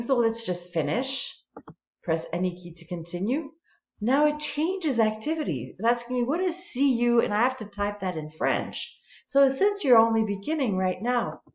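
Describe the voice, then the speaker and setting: A woman's voice: mid-range voice, darkish tone. A woman French teacher walking students through an online flashcard tool step by step, patient and explanatory. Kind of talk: screen-recorded tutorial walkthrough. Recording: echoey room, dull lo-fi sound.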